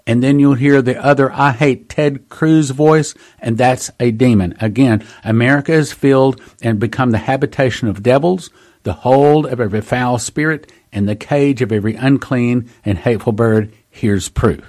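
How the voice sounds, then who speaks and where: A man's voice: mid-range voice, moderate pace, darkish tone. A man hosting a prophecy talk show, preaching earnestly and calling his listeners brothers and sisters. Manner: reads dates and quotes at length. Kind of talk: preaching monologue.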